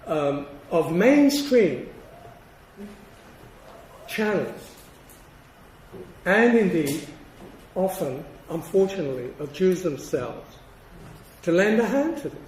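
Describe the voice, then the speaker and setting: High-voiced older man lecturing in an echoey hall. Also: a little mellow. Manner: measured and emphatic, with deliberate pauses. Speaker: professor giving a lecture. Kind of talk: academic lecture with slides. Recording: roomy, distant hall sound with faint noise.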